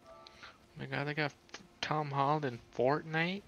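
Offhand man with a bright voice. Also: on the high side, steady tone, measured pace, gravelly, muffled recording, soft background music. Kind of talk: casual gaming chat.

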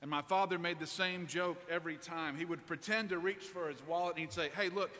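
A man preaching a sermon in a church, telling a personal story in a relaxed, conversational way. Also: on the high side, a little fast. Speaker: priest preaching. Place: large church. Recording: long church reverb.

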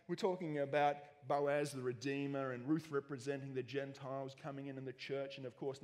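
High-voiced jokey Australian preacher. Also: male voice. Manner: jokey, animated, self-mocking asides. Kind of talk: sermon. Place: church hall. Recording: long church hall reverb.

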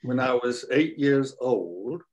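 An older man, a guest scholar, telling stories from his life on a video call in a folksy, unhurried way with chuckling asides. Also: mid-range voice, animated, a little mellow, dull audio. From United States. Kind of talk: reflective storytelling.

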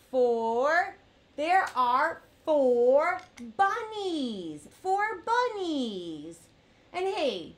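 A young woman with a high, bouncy voice leads toddlers through toy play. She talks in an exaggerated sing-song, drawing every word out slowly and swooping up and down in pitch. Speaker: children's educator.

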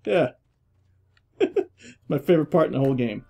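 A young gamer with a mid-range, animated voice that's creaky and mellow chats casually at a moderate pace while playing a video game. He jokes around, swears, and laughs often.

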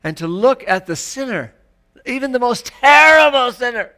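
A man with a high, bright voice preaching a sermon. His delivery is conversational and searching, and he keeps turning to the congregation with rhetorical questions. He often stumbles and restarts mid-sentence. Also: very animated, moderate pace. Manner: frequent stammered restarts. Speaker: pastor.

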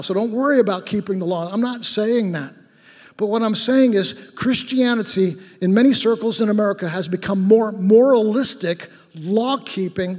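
A man's voice: high-pitched, darkish tone. A male pastor preaching a sermon in a church, talking like he is telling a story and then pressing his point with fervor. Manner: conversational storytelling that rises to fervent exhortation. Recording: long hall reverb.

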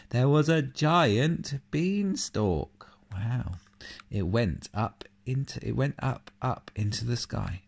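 A man reading a picture book aloud to a child, adding questions and comments between the pages, and speaking softly and tenderly at the end. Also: on the low side, vocal fry, slight background noise. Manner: animated reading with asides and questions to the listener; soft and tender in closing words. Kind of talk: storybook read-aloud to a child.

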